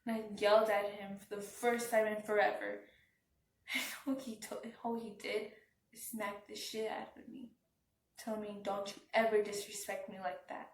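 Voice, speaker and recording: A woman telling a personal story as a vlogger, speaking in a halting, subdued way with frequent restarts. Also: medium pitch, level tone. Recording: roomy, from some distance off the mic.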